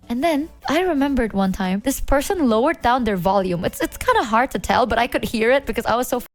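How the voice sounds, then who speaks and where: A woman streamer telling a story in an animated, slangy, exaggerated way. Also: fairly high pitch, quick pace, hardly any pauses, no echo. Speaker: VTuber streamer.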